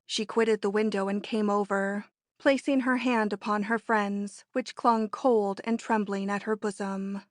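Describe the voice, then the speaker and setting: A woman narrating a classic romance novel as an audiobook in a measured storytelling manner. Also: mid-range voice, fairly even intonation, no room sound, clean studio sound. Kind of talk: scripted narration.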